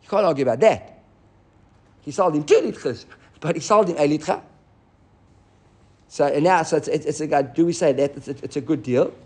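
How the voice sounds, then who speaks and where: A man teaching a Talmud class, animated and often restarting as he explains. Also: on the high side, brisk, long pauses, slightly rough. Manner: animated, restarts often, mixes Hebrew and Aramaic terms.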